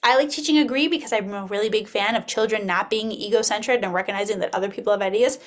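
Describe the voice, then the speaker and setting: A woman's voice: mid-range voice, fast. A woman in her thirties presenting an early childhood webinar, acting out classroom dialogue as she teaches. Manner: animated, acts out classroom dialogue.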